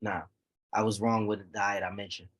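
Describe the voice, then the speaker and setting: Man, husky voice, teacher in a classroom, repeats himself, keeps asking if students follow. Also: lowish voice, little pitch movement, moderate pace, fairly bright tone. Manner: repeats points, checks students with "okay?". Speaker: Quran recitation teacher. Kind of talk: classroom lesson.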